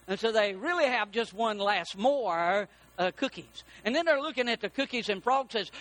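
A man preaching a sermon as pastor, telling a story with lively character voices. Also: very high-pitched, brisk, hardly any pauses.

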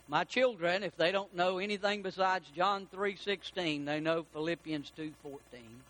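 A man preaching a sermon as pastor, animated and rising to shouts for emphasis. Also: sits high, normal speed.

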